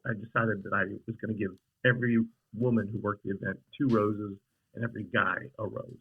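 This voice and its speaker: A man, an actor guest on a podcast, telling an animated anecdote with frequent laughs and self-corrections. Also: lowish voice, brisk, breathy edge, narrow, tinny audio. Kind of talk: storytelling in a podcast interview.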